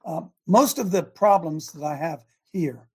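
A middle-aged man hosting a talk show, speaking in an animated, emphatic way with lots of repetition. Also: fairly high pitch, moderate pace, slightly rough. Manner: animated, emphatic, repeats himself, often laughs. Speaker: show host. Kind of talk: casual talk show monologue.

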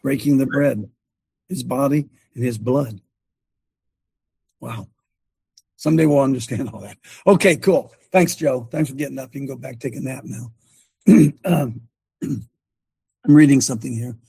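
A man preaching passionately to his congregation as host of the show, ranting with his voice leaping high when fired up. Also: measured pace, vocal fry, long pauses, mellow, breathy edge, dry recording.

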